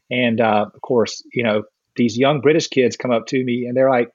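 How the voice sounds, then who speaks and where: A man's voice: mid-range voice, normal speed, breathy edge, no room sound. A man in casual chat, animatedly telling a story and acting out what others said. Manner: animated storyteller, acts out quotes.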